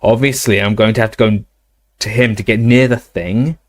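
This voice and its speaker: A man's voice: lowish voice, steady tone, moderate pace, natural voice. A man voicing a determined teenage boy wizard hero in an audiobook reading, earnest and urgent.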